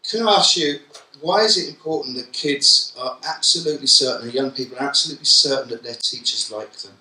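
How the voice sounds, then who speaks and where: A man delivers a keynote in a conference hall, lively and joking as he throws questions straight at the audience. His voice is very bright and sharp-edged. It is picked up from a distance, with the hall's echo ringing around it. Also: mid-range voice, brisk. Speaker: keynote speaker. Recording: echoey hall from far off.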